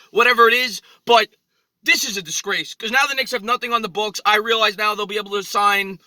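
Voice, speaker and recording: A man's voice: high-pitched, pushed and bright, dry recording, low-quality recording. A man in his thirties ranting off the cuff into his phone outdoors, agitated and indignant, repeating himself as a sports vlogger. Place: outdoors in a cold city street.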